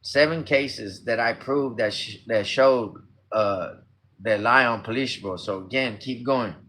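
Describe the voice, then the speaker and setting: A man's voice: medium pitch, unhurried, a bit bright. A man livestreaming, reading a report aloud and breaking in with profane, combative comments of his own. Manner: profane, combative, talks over the text he reads.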